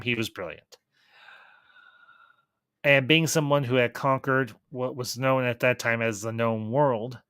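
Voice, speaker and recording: A man giving a casual, enthusiastic review of a TV series, pausing and restarting as he thinks aloud. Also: medium pitch, bright, forceful tone, clean tone, dry recording. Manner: thoughtful, enthusiastic, with frequent restarts. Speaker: film reviewer.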